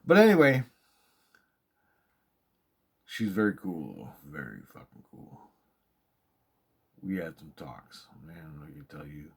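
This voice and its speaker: A man with a fairly low voice tells a personal story in a casual monologue. He is excitable and profane, and he repeats himself when he wants to stress a point. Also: takes it slowly, long pauses, husky.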